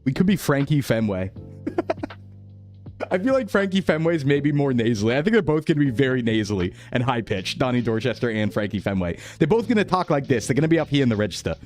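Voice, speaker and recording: A man's voice: medium pitch, animated, fast talker, darkish tone, soft background music. Chatty young man streaming live. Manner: rambling, chatty, reads chat aloud, laughs often. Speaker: VTuber streamer. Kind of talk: casual live-stream chat.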